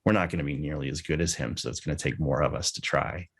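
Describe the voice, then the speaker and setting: A man's voice: rumbling low, fast, slightly rough. A man telling a personal story in tribute at a memorial gathering, candid and conversational, with casual swearing. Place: live gathering with people present.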